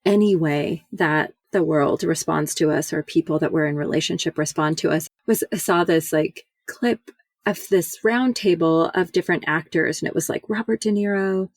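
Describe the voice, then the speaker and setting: A woman with a low voice co-hosts a podcast, speaking at normal speed with no echo. Her casual chat is reflective, as if thinking aloud, and packed with fillers.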